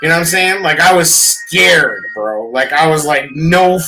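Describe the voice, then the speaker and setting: A man co-hosting a casual sports talk show who talks in an excited, profane, animated way. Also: fairly high pitch, normal speed, over music, rough recording. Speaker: podcast co-host.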